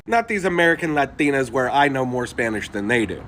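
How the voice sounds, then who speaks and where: A man telling a story from his own life in an animated, profane way, with laughing asides. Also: fairly high pitch, normal speed, hardly any pauses, a little hiss or hum. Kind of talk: storytime monologue.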